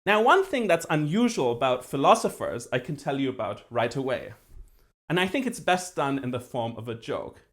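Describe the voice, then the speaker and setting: A man giving a university philosophy lecture as the professor, precise and lively, with dry self-deprecating humor. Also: medium pitch, normal speed. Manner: acts out voices when telling a joke.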